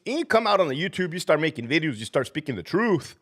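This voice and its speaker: A man's voice: on the high side, sing-song, quick pace, a bit bright. A man hosting a casual livestream, a former prison officer who is sick and feverish, swearing heavily, ranting and laughing often between greetings to viewers.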